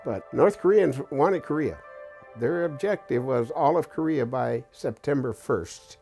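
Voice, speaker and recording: An elderly man in his eighties tells his war memories in a documentary interview, blunt and plain-spoken. His voice is gravelly and dark, with a warm, low tone. Faint music plays underneath. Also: unhurried. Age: 80s. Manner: plain-spoken, blunt storytelling with occasional profanity.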